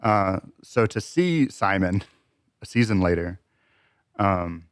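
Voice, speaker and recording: A man with a very low voice, co-hosting a podcast and speaking in a thoughtful, unhurried way with plenty of ums and uhs. The room is dry and close to the mic. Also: expressive, clear, resonant tone, dry recording. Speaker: podcast co-host. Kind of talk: casual podcast chat.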